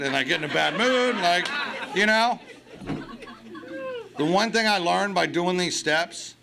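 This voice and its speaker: A man's voice: a little high, gravelly, pushed and bright, slight background noise. Blunt, profane man telling recovery stories. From United States. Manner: blunt, profane, comic storytelling. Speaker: AA meeting speaker. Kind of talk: recovery meeting talk. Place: meeting hall before an audience.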